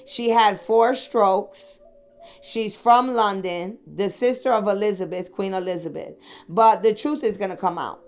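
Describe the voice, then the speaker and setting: A woman from the Chicago area talks through a psychic reading in a loose, rambling way. Her voice sits at an ordinary middle pitch. She speaks straight to her listeners and checks in with them as she goes. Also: unhurried, darkish tone, soft background music. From Chicago area, USA. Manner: rambling, addresses listeners directly with "okay?" and "sweetheart". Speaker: psychic reader. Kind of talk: casual spiritual reading monologue.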